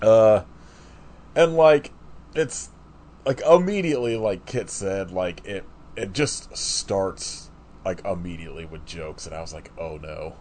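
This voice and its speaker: A man's voice: deep voice, unhurried, a little mellow, slight background noise. A man co-hosting a podcast, chatting casually about a movie in a rambling way, full of "like" fillers and restarts. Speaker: podcast co-host. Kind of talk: casual chat reviewing a movie.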